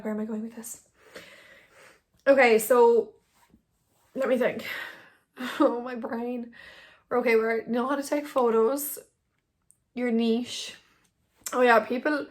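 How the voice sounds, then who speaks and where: A young woman, an Instagram blogger giving tips in a chatty, rambling vlog to a phone camera. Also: a little high. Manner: chatty, rambling, filler-heavy. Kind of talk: casual talking-head vlog. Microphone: phone on ring light.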